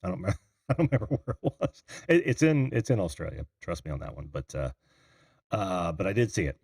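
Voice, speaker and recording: Rambling low-voiced man hosting a call-in stream. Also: very animated, quick pace, vocal fry, a little mellow, breathy edge, no room sound, clean studio sound. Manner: rambling, chatty, reads and answers chat comments. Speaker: call-in show host. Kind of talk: casual livestream chat with viewers. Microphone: computer mic on a video call.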